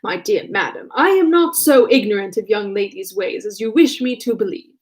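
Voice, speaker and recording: A woman reading aloud and voicing a witty, teasing young gentleman with mock-formal manners. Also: medium pitch, expressive, moderate pace, natural voice. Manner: mock-formal, then simpering when he affects a pose.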